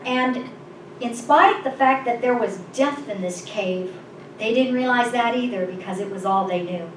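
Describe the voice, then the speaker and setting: A woman's voice: a little high, moderate pace. Woman preaching in an echoey room. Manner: expressive, emphatic reading. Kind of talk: sermon with story telling. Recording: distant echoey mic with background noise.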